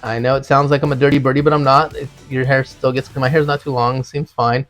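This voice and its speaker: A man's voice: mid-range voice, little pitch movement, brisk, a bit bright, soft background music. A middle-aged man hosting a casual solo podcast, rambling through random topics with many fillers and asides. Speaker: podcast host.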